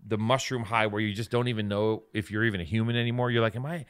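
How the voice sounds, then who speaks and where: A man's voice: lowish voice, steady tone, fast, clear, resonant tone, no echo. A man in his forties, a podcast co-host, chatting casually and telling long, rambling stories full of swearing. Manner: profane, rambling storyteller. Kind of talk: casual chat.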